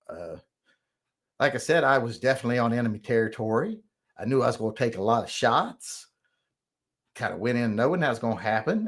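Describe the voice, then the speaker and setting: A man's voice: mid-range voice, a bit bright. A middle-aged man hosting a casual livestream chat, rambling and profane as he reads out comments and grumbles defensively about critics. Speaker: host.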